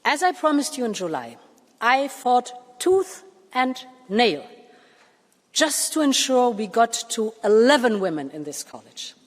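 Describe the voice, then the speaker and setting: A woman in her sixties giving a formal speech to a parliament, measured and emphatic, with deliberate pauses. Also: fairly high pitch, big pitch swings. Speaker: Commission president addressing parliament. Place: large parliament chamber. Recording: long reverb of a large hall.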